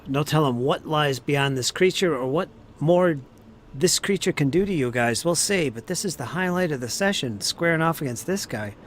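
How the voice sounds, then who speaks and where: A man running a tabletop game, wrapping up the session in a relaxed, joking way while tired from no sleep. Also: on the high side, normal speed, slight background noise. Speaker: game master. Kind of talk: post-session wrap-up chat.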